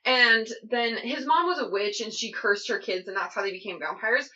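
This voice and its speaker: Young woman, casual podcast chat, bright voice, dull lo-fi sound. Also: a little high, moderate pace. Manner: chatty, enthusiastic, lots of fillers. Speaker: podcast co-host.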